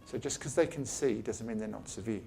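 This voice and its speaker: A gravelly-voiced man lectures colleagues in his office in a loose, chatty way. He is blunt and swears casually, acting out what patients say to him. Faint music sits behind his voice. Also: lowish voice, a little fast, mellow. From Australia. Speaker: eye surgeon giving a talk. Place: his office, talking to a small group.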